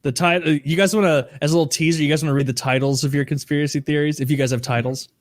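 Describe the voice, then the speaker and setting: Higher-voiced man steering a podcast. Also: fairly even intonation, no room sound, clean studio sound. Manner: brisk, crude, steering the conversation. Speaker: podcast host. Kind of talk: casual podcast chat.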